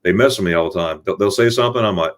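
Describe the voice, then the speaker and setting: A man's voice: sits low, very fast. A man hosting a casual livestream chat over a video call, telling stories animatedly with many restarts. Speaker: host.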